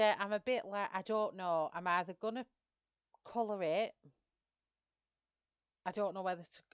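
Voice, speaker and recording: A woman's voice: on the low side, clear, resonant tone, no echo, dull audio. A woman with a broad Lancashire accent from Greater Manchester, chatting casually on a livestream and answering viewers' comments. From Greater Manchester, England. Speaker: livestream host colouring.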